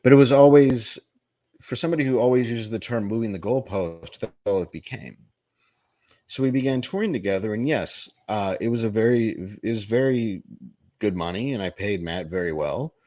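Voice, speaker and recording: A man with a deep, low voice tells a long candid story as a podcast guest. He is blunt and profane, circling back with restarts as he goes. The sound is close and dry. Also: expressive, moderate pace, mellow, no echo. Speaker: comedian guest.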